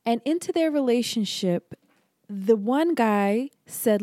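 Animated storytelling woman, high voice. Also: takes it slowly, no room sound. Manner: animated storyteller, acts out quotes. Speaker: podcast co-host. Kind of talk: casual chat.

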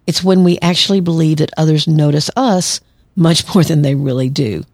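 A woman's voice: deep voice, normal speed, a little mellow, no room sound, studio quality. A woman therapist hosting a solo podcast, talking conversationally and acting out quoted lines. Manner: conversational, acts out quoted lines, laughs lightly. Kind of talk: solo podcast advice talk.

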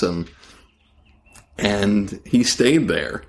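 A male comedian spinning a story in conversation, with a low voice and an unhurried delivery. He acts out scenes and restarts his sentences as he goes.

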